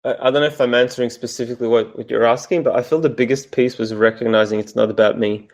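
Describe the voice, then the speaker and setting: A man with an Australian accent, a coach speaking as an interview guest, calm and thoughtful with soft pauses. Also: mid-range voice. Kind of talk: reflective interview answers.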